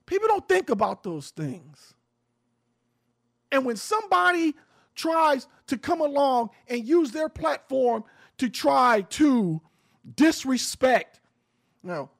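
A man who hosts a radio show, giving passionate social commentary in an emphatic, preachy way and swearing freely. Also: extremely high pitch. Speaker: radio show host, guest on a podcast.

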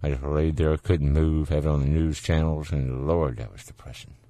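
Deep-voiced Southern radio host. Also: male voice, fairly even intonation, normal speed, mellow, dry recording. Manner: easygoing, chatty, folksy. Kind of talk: casual call-in radio chat.

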